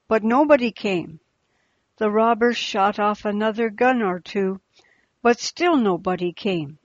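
A woman reading a storybook aloud in a slow, deliberate storytelling manner, in a slightly muffled recording. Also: medium pitch, no echo. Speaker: narrator.

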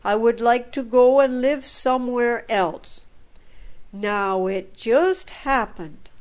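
A woman narrating a first-person story in a calm, measured manner. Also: medium pitch.

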